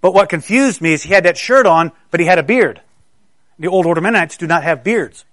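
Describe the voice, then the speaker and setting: A middle-aged man from South Carolina preaching a sermon in a higher-pitched voice. He tells stories in a casual, conversational way with stammering restarts. The sound is dry and close. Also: expressive, a little fast, fairly bright tone, no room sound.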